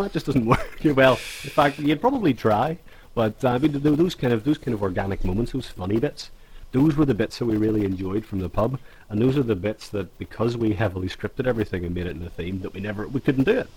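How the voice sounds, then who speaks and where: A man's voice: medium pitch, animated, a little mellow, slightly rough. A man with an Irish accent, co-hosting a podcast in a rambling, self-mocking casual chat over a call. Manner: rambling, self-mocking, quick bursts of laughter. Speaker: podcast co-host. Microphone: call recording.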